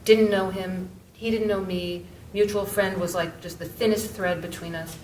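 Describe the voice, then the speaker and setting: Woman, middle-aged, author on a panel, halting storytelling, distant mic, echoey room. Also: fairly even intonation, a little mellow. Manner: halting, many restarts and fillers. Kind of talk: conversational storytelling. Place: book event room, indoors. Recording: echoey room, mic far off, faint rumble.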